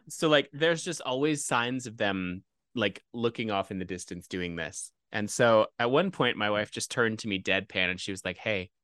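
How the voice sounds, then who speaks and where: A man chats casually as a podcast co-host, making puns and often laughing. His voice rises and falls with lively movement. The sound is close and dry. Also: mid-range voice, smooth, no room sound. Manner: playful, punning, laughs often. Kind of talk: casual chat.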